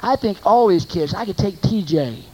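A preacher with a mellow, warm tone gives a sermon. The delivery leans on rhetorical questions and repeated phrases, and swings between loud emphatic lines and quiet asides. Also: mid-range voice, animated, moderate pace, a little hiss or hum, rough recording.

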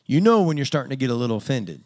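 A man's voice: medium pitch, sing-song, very fast, a little mellow. A man preaching a conversational sermon in a plain-spoken, self-deprecating way with dry humor.

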